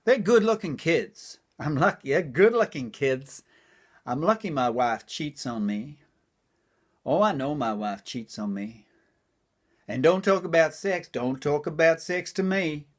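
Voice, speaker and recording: A man's voice: a little high, expressive, unhurried. An older man doing stand-up comedy, delivering one-liners in a folksy old-timer patter and repeating his punchlines.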